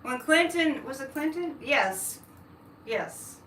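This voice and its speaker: Talking slowly, a woman hosts a psychic livestream, reading comments, chatting with viewers, and launching into political rants. Her voice sits high and is expressive and fairly bright. The echoey room and faraway mic add slight background noise.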